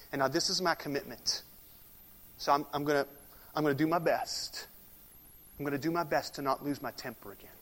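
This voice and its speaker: Male preacher, high voice, loud emphatic sermon lines dipping to hushed whispers, big hall echo. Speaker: pastor. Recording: long hall reverb.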